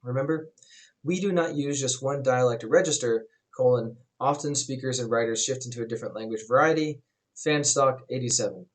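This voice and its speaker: A man teaching a writing class in a relaxed, conversational way, with frequent fillers as he explains. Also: medium pitch, a little fast. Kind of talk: recorded class lecture.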